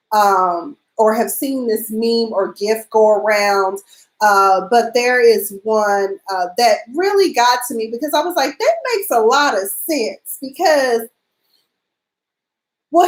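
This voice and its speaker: A woman's voice: a little high, echoey room, low-quality recording. Sassy woman hosting talk radio. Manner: sassy, animated storytelling with asides to listeners. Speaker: internet radio show host. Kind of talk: casual talk radio monologue.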